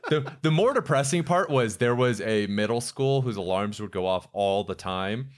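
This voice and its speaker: A man co-hosting a podcast, asking curious questions and telling stories in an animated way. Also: medium pitch, moderate pace. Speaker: podcast host. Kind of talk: casual chat.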